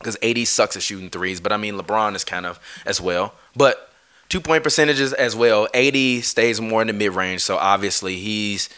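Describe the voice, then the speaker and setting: A man's voice: fairly low pitch, fairly even intonation, normal speed, bright, forceful tone, smooth. A man ranting on a live stream, heated and swearing, often breaking off to apologize. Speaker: streamer ranting about basketball.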